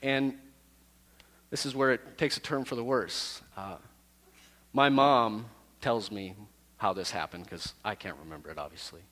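A man who is a youth pastor, telling a personal story to his youth group in a lively, self-deprecating way. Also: on the low side, unhurried, pauses often, big-room sound.

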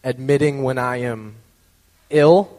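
A man's voice: mid-range voice, takes it slowly, warm tone, in a large hall. A man telling a personal story in a casual, conversational way, full of fillers and acted-out quotes. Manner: acts out quoted voices.

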